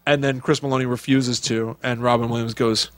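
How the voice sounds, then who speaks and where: A man's voice: mid-range voice, little pitch movement, a little fast, no room sound. A man co-hosting a podcast, chatting casually and recapping scenes with lots of fillers and acted-out quotes. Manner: rambling recaps full of fillers and quoted lines. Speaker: podcast co-host. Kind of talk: casual chat.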